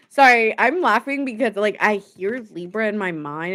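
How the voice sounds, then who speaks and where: A woman reading tarot cards on a casual live stream. She talks in a chatty, easygoing way, laughing often and acting out the voices of the people she describes. Her voice sits at an average pitch. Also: expressive, measured pace, a bit bright.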